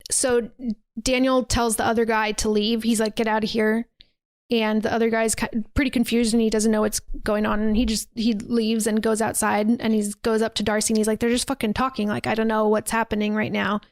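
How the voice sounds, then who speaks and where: High-pitched woman recapping casually. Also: little pitch movement, no echo. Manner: retells scenes with quick quoted dialogue, swearing freely. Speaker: podcast host recapping a movie. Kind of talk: casual chat.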